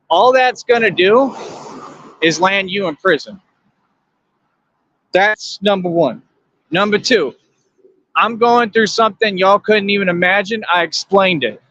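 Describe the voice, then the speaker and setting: A man's voice: sits high, measured pace, long pauses, fairly bright tone, lo-fi sound. A man hosting a livestream, lecturing his viewers in a confrontational, repetitive rant. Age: adult. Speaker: livestream host.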